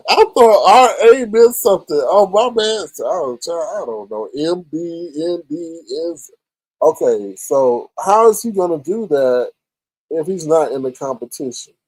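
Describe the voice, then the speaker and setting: A man's voice: fairly high pitch, sing-song, slow pace, darkish tone, no room sound, rough recording. A man hosting a live stream, chatting sassily with his chat and reacting to their messages. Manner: sassy, chatty, talks straight to chat. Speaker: livestream host reading chat. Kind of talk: casual live-stream commentary.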